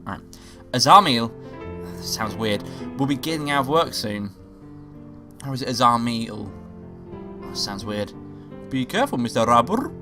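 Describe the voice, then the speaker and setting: A man's voice: mid-range voice, unhurried, long pauses. A man playing a visual novel and reading it out, joking and swearing, with game music behind. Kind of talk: profane let's play commentary.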